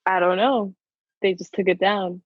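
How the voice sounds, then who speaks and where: A woman's voice: mid-range voice, fairly even intonation, moderate pace, no echo, muffled recording. A woman co-hosting a podcast, rambling casually with lots of fillers and laughter. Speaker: podcast co-host. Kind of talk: casual chat.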